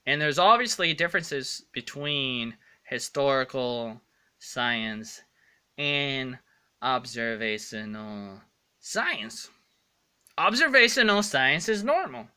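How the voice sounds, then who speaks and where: A man's voice: mid-range voice, very animated, takes it slowly, sharp tone, clear, resonant tone. A man rambling through a casual vlog monologue, earnest and often stumbling over his words. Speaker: vlogger.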